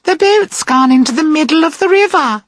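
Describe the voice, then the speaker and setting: A man doing giddy high-voiced young women. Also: big pitch swings, slow, fairly bright tone, dry recording, studio quality, exaggerated voice. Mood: chirpy confused. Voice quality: high falsetto. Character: giddy, scatterbrained young women towing a boat. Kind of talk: storybook reading.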